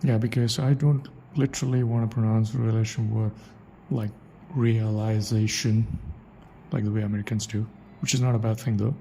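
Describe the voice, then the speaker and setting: Gravelly, flat-voiced man musing aloud. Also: lowish voice, quick pace, few pauses, slight background noise, rough recording. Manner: muses aloud, repeats phrases to try them out. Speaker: accent practice vlogger. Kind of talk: thinking-aloud monologue.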